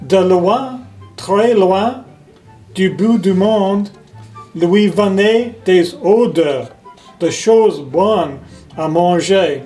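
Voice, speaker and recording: Speaking very slowly in a high voice, a man reads a picture book to children in French, then English, for every page, gently pointing out what the pictures show. Soft music runs in the background of this low-quality recording.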